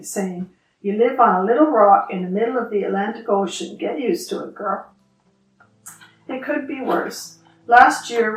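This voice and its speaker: A woman's voice: mid-range voice, recorded from a distance. Older woman, wry and chatty, reading her own prose; roomy, off-mic sound with faint music. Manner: chatty, laughs easily, wry. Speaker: podcast guest and writer. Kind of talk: casual chat and reading her own writing aloud.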